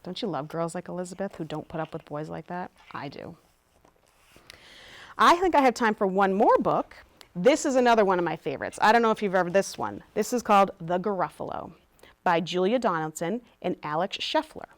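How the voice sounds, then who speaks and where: A woman's voice: lowish voice, fairly quick. A woman reading picture books aloud at a storytime, chatting to the children between pages. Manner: animated, chatty asides to kids. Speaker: storytime reader.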